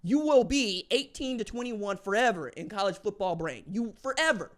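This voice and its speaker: A man hosting a sports podcast, delivering an opinionated monologue in casual slang, swinging from low asides to loud hype shouts. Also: lively intonation, moderate pace. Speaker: podcast host.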